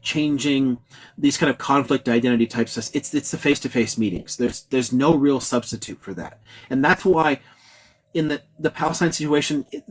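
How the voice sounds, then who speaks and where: A man hosting a casual live-stream discussion, talking bluntly and swearing freely. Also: on the high side. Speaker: host.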